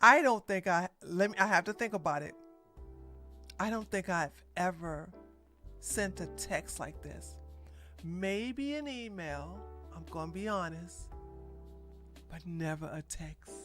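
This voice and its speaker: A woman's voice: fairly low pitch, lively intonation, a little slow, pauses often, fairly bright tone, soft background music. A woman co-reacting to a clip, giving blunt, mocking relationship advice. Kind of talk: casual reaction commentary.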